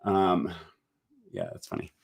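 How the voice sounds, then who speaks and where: A man hosting a casual livestream at home, reading viewer comments aloud and chatting about them, with many fillers and a relaxed, meandering way of talking. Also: sits low, takes it slowly, creaky. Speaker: livestream host.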